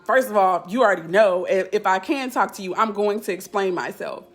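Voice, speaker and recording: A woman's voice: medium pitch, brisk, soft background music. A woman life coach chatting casually on a live stream, candid and blunt in loose, slangy talk.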